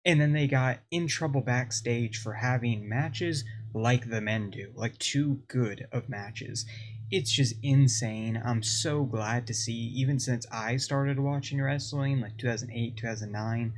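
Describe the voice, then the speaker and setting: A man co-hosting a reaction video, talking in a relaxed, chatty way with plenty of fillers. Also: mid-range voice, measured pace, a little hiss or hum. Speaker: co-host. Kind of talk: casual chat.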